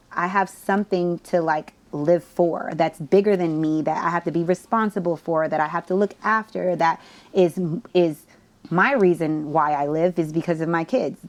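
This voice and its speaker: Woman host, young, New Jersey-raised, low-ish voice, chatty storyteller with lots of fillers. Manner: animated storyteller, slangy, many "like" fillers. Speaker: podcast host. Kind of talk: casual chat.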